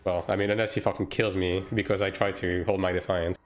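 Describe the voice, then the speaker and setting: Male game streamer, lowish voice, loose and profane, chatting with his viewers mid-match. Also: flat delivery, fairly quick, soft background music. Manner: casual, profane, talks to chat while playing. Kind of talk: live-stream gaming commentary.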